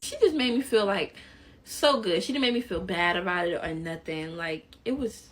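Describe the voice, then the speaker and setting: A young woman from Chicago telling a casual storytime on her phone camera while doing her makeup, chatty and animated, full of "like". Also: lowish voice, normal speed. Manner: animated, chatty, peppered with "like" and laughter. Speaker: vlogger.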